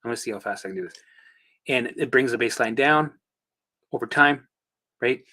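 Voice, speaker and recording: Bright-voiced man coaching on a livestream. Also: mid-range voice, fairly quick. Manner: animated, chatty, swears casually; guides listeners through exercises. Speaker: host and recovery coach. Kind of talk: casual livestream coaching talk.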